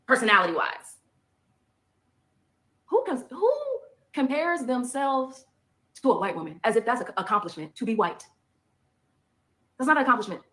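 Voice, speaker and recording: Bright, forceful woman venting. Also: fairly high pitch. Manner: emphatic, repeats points for effect. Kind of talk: heated monologue.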